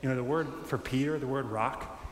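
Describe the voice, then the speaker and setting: A man preaching a sermon in a conversational, animated way, acting out quotes. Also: mid-range voice, a little fast. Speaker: pastor. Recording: echoey hall with faint ambience.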